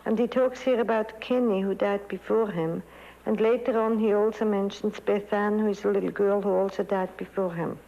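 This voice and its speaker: A woman speaks in a mellow, soft-edged voice, earnest and gentle as she reflects on the dying children she has treated. Her pitch sits in an ordinary middle range. The sound is a dull, lo-fi recording. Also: steady tone, moderate pace, in a large hall. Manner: earnest and gentle, reads quoted poems aloud. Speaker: psychiatrist.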